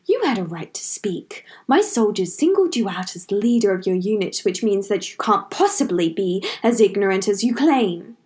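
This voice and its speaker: A woman's voice: mid-range voice, moderate pace, few pauses, natural voice. A woman voicing a smug, cold male shadow warlord with a hissing, foreign-sounding accent in a fanfiction reading. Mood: hushed. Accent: foreign-sounding put-on accent. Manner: hissing, sinister.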